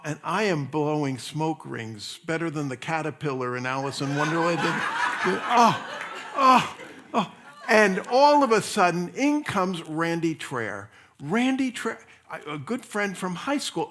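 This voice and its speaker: A man's voice: on the high side, fairly bright tone. A man who is a pastor, preaching a sermon in a conversational, storytelling way, often restarting and repeating words.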